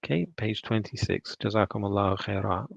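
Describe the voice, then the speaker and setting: A man talks through news clips in a loose, offhand way, throwing in scornful asides. His voice is gravelly and sits in a middle pitch. The recording is dull and lo-fi, with a dry sound and no room echo. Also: a little fast. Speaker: teacher and news commentator. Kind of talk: casual online commentary.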